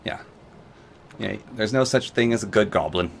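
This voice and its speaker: A man's voice: on the low side, moderate pace, creaky, slight background noise. A man casually rambling and joking while narrating his gameplay. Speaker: gaming channel host.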